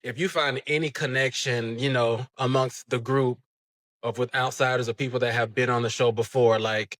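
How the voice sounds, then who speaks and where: A man's voice: medium pitch, fairly even intonation, normal speed, a bit bright. A man co-hosting a recap show in a laid-back, casual way, quoting the cast as he talks. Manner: laid-back, many fillers, quotes the cast. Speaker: podcast co-host.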